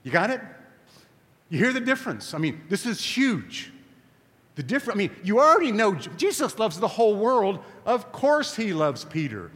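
A man with a fairly high voice preaches with a lot of melody and swing in his pitch. His delivery is emphatic and conversational, and he keeps turning to the congregation with questions. His voice carries a long reverb, as if it were filling a large hall. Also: big pitch swings, normal speed, a bit bright. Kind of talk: sermon. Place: camp meeting.

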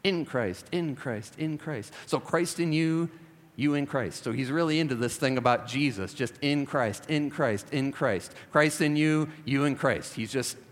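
A man's voice: mid-range voice, moderate pace. Man preaching emphatically in a reverberant hall. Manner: emphatic preaching, swings from loud to quiet. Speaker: pastor. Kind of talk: sermon. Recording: long reverb of a large hall.

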